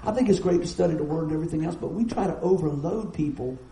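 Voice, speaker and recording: A middle-aged man, preaching a sermon in a folksy, storytelling way with quick asides. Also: on the high side, gravelly, mellow, echoey room, low-quality recording. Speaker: pastor.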